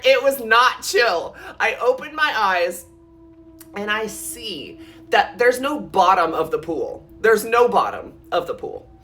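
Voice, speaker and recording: A woman tells a storytime vlog in a bright, sharp voice. She talks in breathless, animated runs packed with "like" and jumps suddenly higher when the fear comes back. At times she sounds close to tears. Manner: animated, breathless retelling full of "like", jumps in pitch when scared. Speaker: vlogger.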